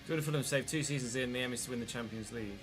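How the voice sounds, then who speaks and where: A man's voice: medium pitch, very fast, over music. A man streaming a football video game, swearing and chatting with his viewers as he plays. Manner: sweary, chatty, answering chat mid-game. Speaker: gaming streamer. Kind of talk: livestream gameplay commentary.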